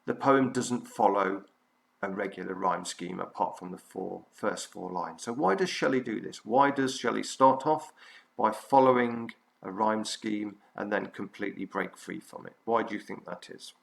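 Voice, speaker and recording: A male teacher giving a recorded revision lesson, explaining patiently and haltingly with frequent fillers. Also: fairly low pitch, creaky.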